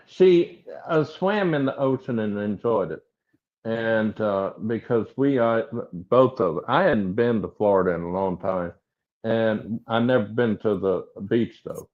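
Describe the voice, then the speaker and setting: A man with a Southern US accent, a guest chatting casually in a folksy, rambling way with many pauses. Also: on the low side, muffled recording. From American South. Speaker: podcast guest. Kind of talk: casual chat.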